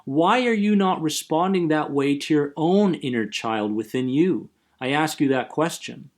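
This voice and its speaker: A man's voice: fairly high pitch, expressive, unhurried. A man hosting a self-help podcast, talking earnestly and emphatically about anxiety and often checking in with "right?". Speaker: anxiety coach and podcast host. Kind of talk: motivational self-help talk.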